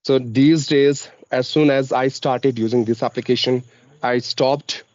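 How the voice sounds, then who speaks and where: A man with an Indian accent, talking about learning English with deliberate, careful pronunciation. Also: medium pitch, fairly even intonation, a little mellow, no room sound, dull audio. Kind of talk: casual conversation practice.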